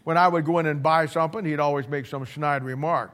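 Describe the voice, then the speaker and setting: A man's voice: a little high, fairly even intonation, fast, fairly bright tone. A middle-aged man preaching in a folksy, blunt, conversational way, often repeating words and restarting as he tells stories. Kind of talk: conversational sermon storytelling.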